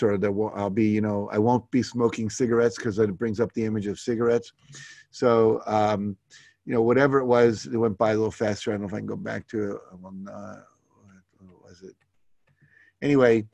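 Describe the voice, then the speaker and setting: Man, goal-setting coach, live workshop teaching, relaxed conversational delivery, medium pitch, dry room. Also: normal speed, creaky, dry recording. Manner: reads out participants' goals and comments on each; relaxed, conversational, many fillers.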